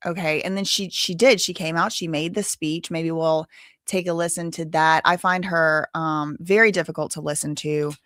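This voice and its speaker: A woman hosting a live stream, chatting casually and rambling to her viewers, and she sounds tired and low on energy. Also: fairly even intonation, moderate pace, a bit bright, dry recording, studio quality.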